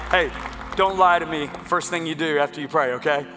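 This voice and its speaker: In a large church sanctuary, a man with a slightly high voice talks a little fast as a guest preacher. His sermon is fervent and exhorting: he leads a healing prayer, talks about a book and speaks to the crowd. Long hall reverb surrounds him, with faint music behind.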